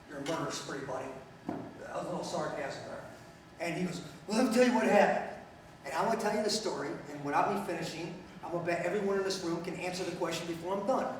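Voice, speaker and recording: A middle-aged man with a voice that sits high gives a talk in a lecture hall, bluntly telling stories, cracking jokes and asking the crowd questions. He's far from the mic in a very echoey hall, with a little hiss or hum.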